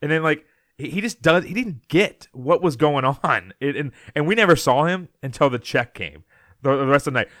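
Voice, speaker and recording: A man's voice: on the high side, animated, normal speed, a bit bright, no room sound, studio quality. Laughing, rambling man telling a story. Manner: rambling, laughs often, many restarts. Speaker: podcast co-host. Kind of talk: casual storytelling chat.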